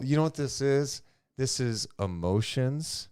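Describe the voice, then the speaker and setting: Lively, teasing male podcast co-host. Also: medium pitch, unhurried, clear, resonant tone. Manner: teasing, playful. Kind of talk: casual chat.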